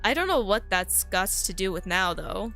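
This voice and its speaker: A woman's voice: medium pitch, very animated, normal speed, gravelly, sharp tone, faint music behind. A woman streamer reading a horror visual novel aloud in different voices, with joking asides. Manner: reads all characters aloud, joking asides. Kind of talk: let's-play reading with commentary.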